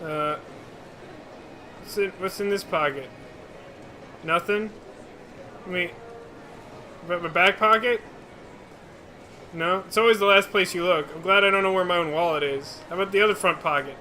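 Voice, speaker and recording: A man's voice: high voice, moderate pace, long pauses, sharp tone, slight background noise. A man streaming a video game, joking and rambling to his viewers in casual commentary. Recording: game music playing behind.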